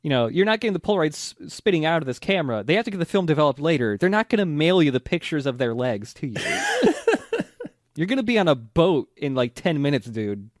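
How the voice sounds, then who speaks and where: A man co-hosting a casual podcast, retelling scenes quickly and laughing often. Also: fairly high pitch, wildly swooping pitch, no echo, studio quality. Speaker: podcast co-host. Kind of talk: casual recap chat.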